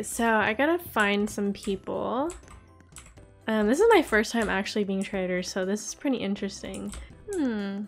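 A young woman hosting a gaming channel, narrating her play live, excitable and quick to gasp and giggle. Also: a little high. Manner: excitable, gasping and giggling often. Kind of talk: live game commentary.

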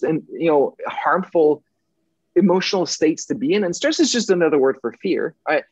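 A man speaking as a podcast guest in casual conversation, emphatic and often profane, shifting between intense and gentle. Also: sits high, breathy edge, dry recording, low-quality recording.

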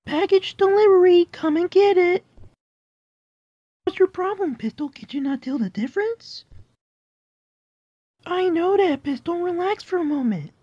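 A woman's voice: very high-pitched, lively intonation, measured pace, long pauses, no room sound. A woman voicing a goofy, rambling male cartoon cat who talks in a jumpy, silly way, heard on a dull lo-fi recording. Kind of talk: cartoon voice acting.

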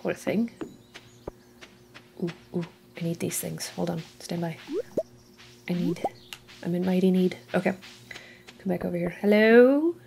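A woman's voice: lowish voice, a little slow, creaky, pauses often, background noise. Chatty woman narrating her farming game. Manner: chatty, talks to game characters, laughs often. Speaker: gaming channel host. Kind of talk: casual let's-play commentary. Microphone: headphones with mic.

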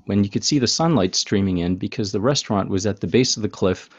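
A man's voice: lowish voice, fast, husky. A man hosting a podcast, telling a story in an easygoing way with fillers. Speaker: podcast host. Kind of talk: casual interview chat.

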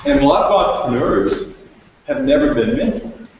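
A man's voice: mid-range voice, expressive, moderate pace, a little mellow, muffled recording, slight background noise. Wry man, distant in an echoey room. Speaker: entrepreneur at a workshop. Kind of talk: storytelling at a workshop.

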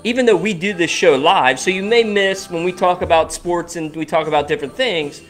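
A man's voice: sits high, brisk. A man co-hosting a casual podcast, animatedly walking through listener numbers and chatting with his partner. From Cincinnati, Ohio area. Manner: animated, walks through download stats. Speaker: podcast co-host.

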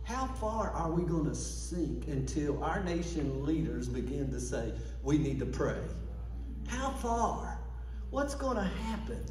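A man's voice: fairly high pitch, big pitch swings, unhurried, a little mellow. A man preaching a sermon as pastor, fervent, calling out to the congregation for responses. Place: church sanctuary. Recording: echoey church from far off.

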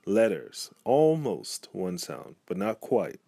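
A language teacher walks patiently through a pronunciation lesson, saying each example word again. He speaks slowly but very animatedly in a fairly low, creaky, mellow voice with a breathy edge, recorded dry.

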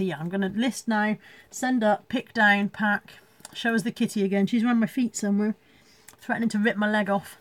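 A woman's voice: mid-range voice, fairly even intonation, fairly quick, no echo. A woman chatting casually from home on a live stream, rambling, laughing often and reading out viewer comments. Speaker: reseller hosting a live stream.

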